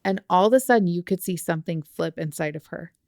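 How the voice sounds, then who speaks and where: A woman's voice: lowish voice, fast, no echo, clean studio sound. A woman on a podcast, earnestly telling a story about helping her child through anxiety, in casual conversation. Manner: earnest, storytelling, warm retelling of dialogue. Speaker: mother sharing a parenting story.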